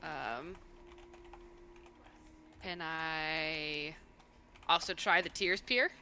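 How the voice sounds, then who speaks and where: A woman's voice: low-pitched, drawn-out words, pushed and bright, a little hiss or hum. A woman playing a tabletop role-playing game, wry and joking. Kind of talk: casual in-character play.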